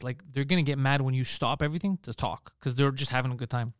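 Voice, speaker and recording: A man's voice: mid-range voice, quick pace, no echo, clean studio sound. A man talking as a podcast host in a casual chat, telling stories animatedly and acting out other people's lines, swearing freely.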